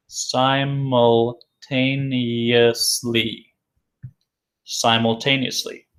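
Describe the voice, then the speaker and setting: A man teaching an English vocabulary lesson, saying each word slowly and repeating it several times for learners. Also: mid-range voice.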